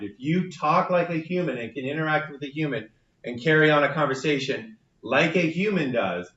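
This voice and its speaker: A man's voice: mid-range voice, fairly bright tone. A man teaching a university class, explaining ideas step by step and often checking in with "right?". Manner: explanatory, frequent "right?" tag questions. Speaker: university instructor. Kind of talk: classroom lecture. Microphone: room recording from a distance. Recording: echoey classroom from far off, dull.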